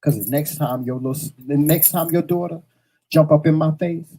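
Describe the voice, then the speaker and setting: Husky, blunt man telling a story. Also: a little high, moderate pace, warm tone, rough recording. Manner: blunt, profane, repeats phrases for emphasis. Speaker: host. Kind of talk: casual storytelling monologue to viewers.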